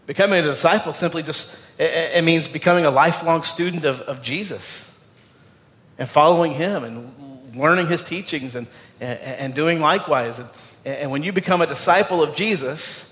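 A man preaching a sermon in a fairly high voice, earnest and conversational. He restarts and repeats words as he presses the congregation with questions. His voice rings with the long reverb of a large church hall. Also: a little fast, a bit bright. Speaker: pastor. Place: church sanctuary.

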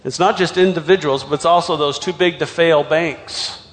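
High-voiced pastor preaching in a reverberant hall. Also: male voice, steady tone, normal speed. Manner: dramatic storytelling, swings from loud to hushed. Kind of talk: sermon.

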